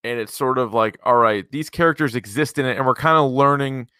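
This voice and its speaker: Bright, chatty male podcast host. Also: mid-range voice, smooth, dry recording, studio quality. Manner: chatty, upbeat, quick asides. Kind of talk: casual podcast chat.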